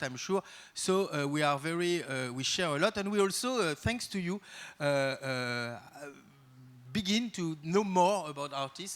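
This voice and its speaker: A man with a French accent opens an event as its host, speaking to a live audience in slightly high-pitched English. He is a native French speaker and improvises his welcome. His delivery is halting, full of pauses while he searches for the right English words. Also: a bit bright.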